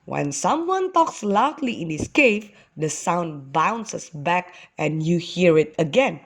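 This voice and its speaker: A woman voicing a kind, gentle father ox in a children's storybook, speaking slowly. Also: fairly low pitch, big pitch swings, exaggerated voice.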